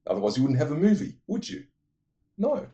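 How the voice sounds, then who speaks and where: A man casually retelling movie plots in an animated way, adding vocal sound effects. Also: on the high side, brisk. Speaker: movie reviewer.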